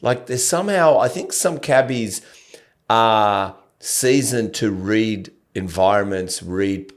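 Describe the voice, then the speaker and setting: A man hosting a podcast who chats casually in a rambling, reflective way, often halting and restarting his sentences. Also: fairly low pitch, expressive. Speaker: podcast host. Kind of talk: casual conversational interview.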